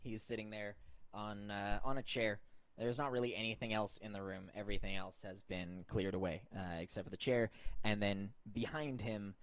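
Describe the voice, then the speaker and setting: A man narrating as game master of a tabletop game in a relaxed, descriptive way. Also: fairly low pitch, moderate pace, no echo.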